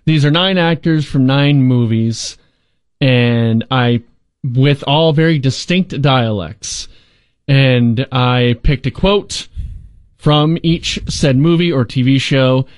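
A man hosting a casual chat game, explaining the rules at length in a relaxed way. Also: medium pitch, slow pace, clean tone, dry recording, clean studio sound. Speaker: game host.

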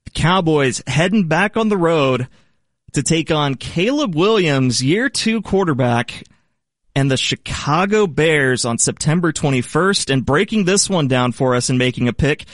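A man's voice: a little high, lively intonation, measured pace, dry recording. A man hosting a sports show segment in a playful, upbeat way. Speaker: host.

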